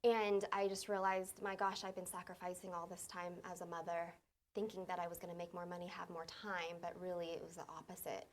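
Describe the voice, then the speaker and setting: A middle-aged woman who owns a business tells her story in a casual interview. She talks in an animated way, acts out the dialogue and laughs often. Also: fairly low pitch, a little fast. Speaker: business owner guest.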